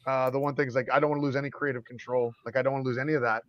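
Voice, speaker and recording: A middle-aged man co-hosting a podcast, talking casually in animated bursts and going on a passionate rant. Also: mid-range voice, no room sound. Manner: animated, ranting, quick bursts. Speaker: podcast co-host. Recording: dry, slightly dull audio.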